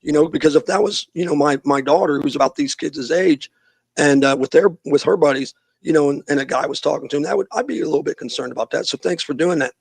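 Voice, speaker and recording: Gravelly middle-aged man telling a story. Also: on the high side, fast, no room sound. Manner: animated storyteller, acts out quoted people. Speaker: youth minister, podcast guest. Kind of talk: casual interview storytelling.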